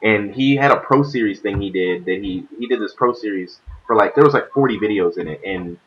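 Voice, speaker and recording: A man's voice: lowish voice, brisk, slightly rough, lo-fi sound. A young man hosting a casual gaming stream, rambling with many fillers over a voice call. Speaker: stream host.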